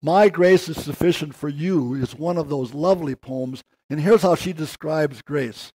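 An older man giving an earnest sermon, slowing down and rising in pitch to stress key words. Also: darkish tone. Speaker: preacher.

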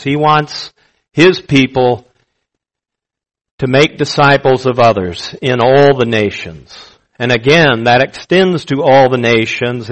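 A male pastor preaching a sermon, emphatic and slow, repeating his key phrases for weight. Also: medium pitch, a bit bright, rough recording.

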